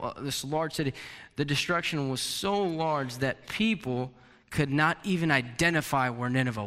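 A man preaching a sermon, animated, sometimes acting out a prophet's anguished questions. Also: medium pitch. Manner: animated, acts out Habakkuk's questions. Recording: long hall reverb.

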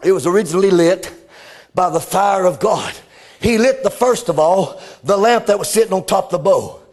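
A middle-aged man, preaching a sermon with fervor, often rising into shouted exclamations. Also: sits high, animated, moderate pace.

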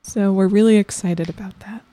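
A woman playing the weary guardian of a child performer, talking haltingly with many ums and sometimes dropping to a whisper. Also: mid-range voice, fairly even intonation, dark tone, close to an everyday voice. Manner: halting and hesitant, full of ums, drops to a whisper. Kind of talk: improvised comedy interview character.

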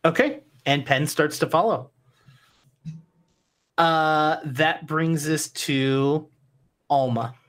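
A woman narrating a tabletop game as game master, unhurried and descriptive, with many fillers. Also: low voice.

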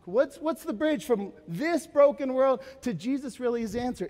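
A man in his thirties preaching a sermon as pastor, animated, swinging from urgent emphasis to quiet asides with casual fillers. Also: extremely high pitch, normal speed, few pauses. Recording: long hall reverb.

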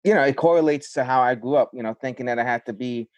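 A man's voice: mid-range voice, quick pace, no room sound. A man from the South Bronx, speaking reflectively in a casual podcast chat with many fillers. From South Bronx, New York.

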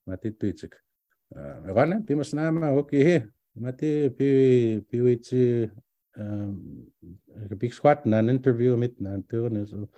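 A man's voice: fairly low pitch, dark tone, no room sound. A middle-aged man, a language teacher, casually telling his own story in a rambling way, with many restarts. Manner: rambling, restarts often, mixes in words from another language. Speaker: language teacher and doctoral student.

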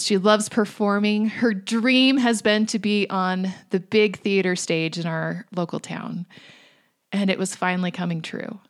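A woman in her thirties giving a reflective devotional talk in a gentle, earnest way, sometimes dropping to a hush. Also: medium pitch. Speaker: faith speaker.

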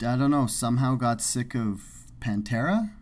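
A man's voice: medium pitch, lively intonation, moderate pace, darkish tone. Sarcastic rambling Canadian podcast man. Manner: rambling, self-deprecating, sarcastic asides. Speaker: podcast co-host. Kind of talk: casual podcast banter.

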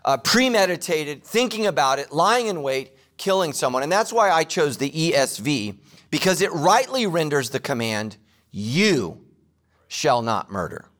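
A man with a high voice delivers a sermon. He is casual and jokey with his listeners, and he repeats the main points slowly for weight. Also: big pitch swings, a bit bright. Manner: casual joking preacher, repeats key lines slowly. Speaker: pastor.

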